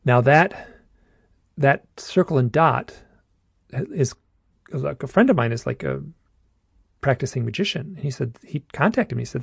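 A man casually recounting a personal experience, halting and restarting often, with a gravelly voice. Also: medium pitch, lively intonation, no echo, studio quality. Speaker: guest telling his own story. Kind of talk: casual storytelling.

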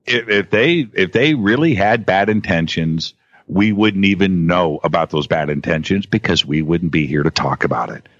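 A man in casual conversation as a guest, talking in halting bursts with many restarts and repeated words. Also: low voice, a bit bright, no room sound. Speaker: podcast guest. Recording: dull lo-fi audio.

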